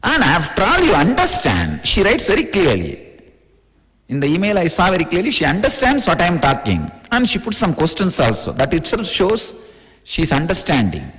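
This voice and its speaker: A spiritual teacher from India with an Indian accent, giving an informal, playful, teasing discourse in plain words. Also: male voice, high-pitched, huge pitch swings, moderate pace, a bit bright. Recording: long reverb of a large hall.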